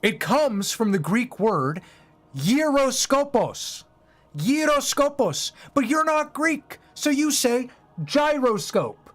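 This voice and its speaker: A man giving rambling, sarcastic let's-play commentary, breaking into yells at the game. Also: very high-pitched, big pitch swings, slow pace. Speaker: gaming YouTuber.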